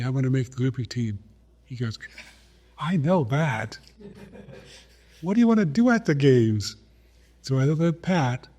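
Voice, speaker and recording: Older man, 80s, from South Dakota; soft, mellow storyteller, mid-pitched. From South Dakota, USA. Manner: unhurried, acts out remembered dialogue. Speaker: guest, retired Olympic runner. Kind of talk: storytelling conversation.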